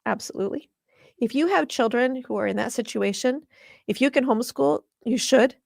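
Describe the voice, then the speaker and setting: A woman's voice: fairly high pitch, a little fast, gravelly, a little mellow, no room sound. Woman, interview guest, impassioned, earnest, gets emotional, dry close sound. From Washington State. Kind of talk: conversational interview.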